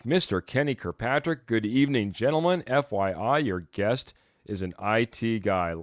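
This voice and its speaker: A man's voice: on the low side, animated, normal speed, dry recording, studio quality. A man hosting a casual live sports fan show, upbeat and chatty, reading out viewer comments and laughing often. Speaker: host.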